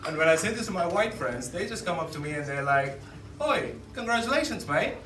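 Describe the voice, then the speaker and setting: Brief: male stand-up comic, chatty and cheeky, animated delivery, roomy distant live sound with a roaring crowd. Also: a little high, fast talker, background noise. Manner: chatty, cheeky, laughs at his own jokes. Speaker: stand-up comedian. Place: comedy venue stage. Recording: echoey live room from a distance, loud crowd. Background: loud audience laughter and cheers.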